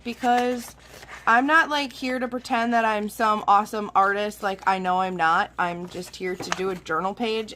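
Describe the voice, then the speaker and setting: Bright-voiced woman chatting while crafting. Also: on the high side, a little hiss or hum. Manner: rambling, chatty, self-deprecating. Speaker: craft channel host. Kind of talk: casual chat while journaling.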